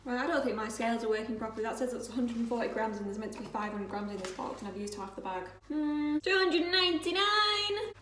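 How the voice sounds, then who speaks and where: A woman's voice: on the high side, fast, hardly any pauses. A young woman chatting to camera while she bakes in her home kitchen, self-mocking and casual. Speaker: vlogger. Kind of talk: casual chatty baking vlog. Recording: echoey kitchen with faint noise.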